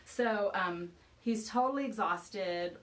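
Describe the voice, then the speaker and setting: A woman parenting expert explaining ideas through a lively personal anecdote in casual conversation. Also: medium pitch, slow pace, far from the mic, poor audio. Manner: animated storyteller, acts out quoted dialogue. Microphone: video call.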